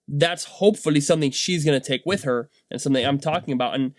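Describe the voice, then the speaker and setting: A man, a dad, telling a casual motivational story in a rambling, animated way, tagging his points with "right?". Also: on the high side, quick pace, dry recording. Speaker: vlogger and dad.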